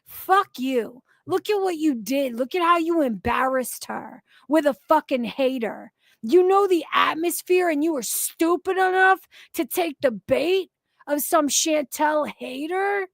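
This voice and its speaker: A high-voiced woman rants through angry live-stream commentary, swearing freely and scolding the people she talks about. Her delivery is slow and deliberate, and the sound is dry and close. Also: animated, creaky, dry recording. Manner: profane, ranting, heated.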